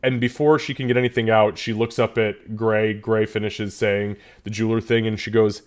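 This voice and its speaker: A man's voice: fairly low pitch, steady tone, normal speed, hardly any pauses. A man narrating a tabletop game as game master, loose and descriptive with many fillers.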